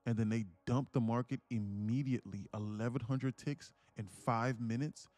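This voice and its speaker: A man hosting a live day-trading stream, preaching emphatically and repeating himself as he pitches memberships. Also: steady tone, normal speed, darkish tone, dry recording. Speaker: day-trading livestream host.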